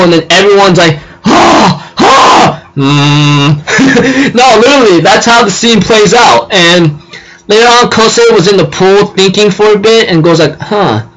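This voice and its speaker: A man recaps an anime episode in a loose, rambling way, stopping to correct himself. His voice is high and bright, with lots of ums and likes. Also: rough recording. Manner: rambling, filler-heavy, self-correcting. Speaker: anime reviewer.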